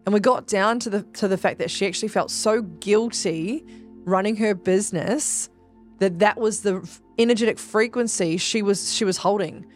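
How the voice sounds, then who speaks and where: A woman of middling pitch talks straight to her listeners in a casual, emphatic podcast monologue, dropping swear words as she coaches. Faint music plays softly underneath her voice. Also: normal speed. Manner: chatty and emphatic, swears freely, addresses listeners as guys. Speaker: podcast host and spiritual business coach.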